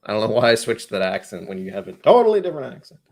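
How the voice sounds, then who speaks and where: A man's voice: on the low side, sing-song, very fast, gravelly, a little mellow. A young man hosting a casual whiskey livestream, chatting to viewers in a rambling, jokey way. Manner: rambling, jokey, talks to chat viewers by name. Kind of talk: casual live-stream chat reading comments.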